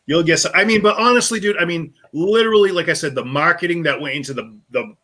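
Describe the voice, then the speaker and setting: A man with a Boston accent, co-hosting a live whiskey show and chatting casually, telling animated stories full of quick asides. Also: a little high. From Boston area. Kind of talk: casual chat.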